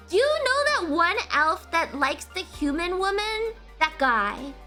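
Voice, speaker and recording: Woman livestream host, high and bright, wildly expressive, profane casual ranting. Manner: animated, profane ranting with frequent laughter. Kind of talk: casual live-stream chat.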